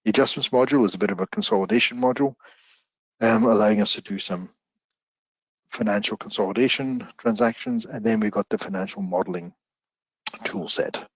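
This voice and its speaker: Low-voiced South African man presenting. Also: no echo. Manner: deliberate, explains slowly with fillers. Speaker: company founder presenting a webinar. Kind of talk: business webinar presentation. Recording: dull lo-fi webinar audio.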